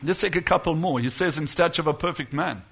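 Bright-voiced emphatic male preacher. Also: a little high, fast talker, vocal fry, slightly rough. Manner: emphatic, rising to loud declarations and dropping to quiet asides. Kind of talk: sermon.

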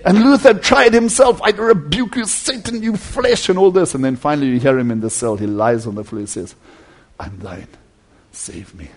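Man, preacher, sermon, high voice, emphatic then hushed, addresses friends. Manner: swings from loud emphatic preaching to hushed near-whisper; addresses listeners as friends, earnest and pleading.

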